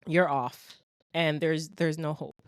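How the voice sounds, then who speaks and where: A young adult woman hosting a podcast alone, ranting in a blunt, animated and exasperated way, a little congested from a cold. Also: deep voice, slow pace, no echo, clean studio sound. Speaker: podcast host. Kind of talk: solo ranting podcast monologue.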